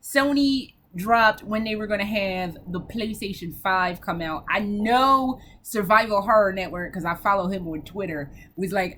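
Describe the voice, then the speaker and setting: A woman's voice: mid-range voice, lively intonation, measured pace, pushed and bright. A woman hosting a casual video game vlog, talking in a brash, profane, rambling way with frequent giggles.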